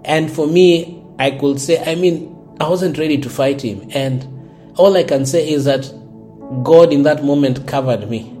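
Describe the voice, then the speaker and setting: With a dark tone and a voice a little on the high side, a South Sudanese pastor preaches in an unhurried, earnest manner. He often repeats words as he searches for how to put things, and faint music sounds behind him.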